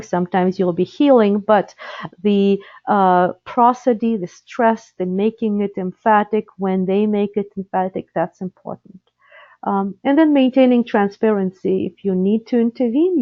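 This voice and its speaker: A woman's voice: medium pitch, no echo, highs cut off. A woman whose first language is Russian, presenting a live training webinar for interpreters, explaining skills practically with frequent fillers and restarts.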